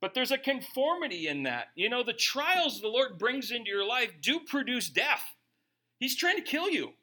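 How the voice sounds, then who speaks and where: A middle-aged male pastor preaching a sermon, emphatic and animated, often tagging points with rhetorical asides to the congregation. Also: very high-pitched, moderate pace.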